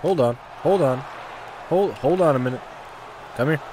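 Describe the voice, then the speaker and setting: A man giving casual, excitable commentary over his own gameplay, cheering and trash-talking the players. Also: a little high, moderate pace, crowd noise, background noise. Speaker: gaming commentator.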